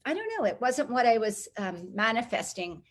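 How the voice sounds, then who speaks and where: A middle-aged woman telling a personal story as an interview guest, lively and acting out the people she quotes. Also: on the high side, moderate pace. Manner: animated, acts out quoted voices.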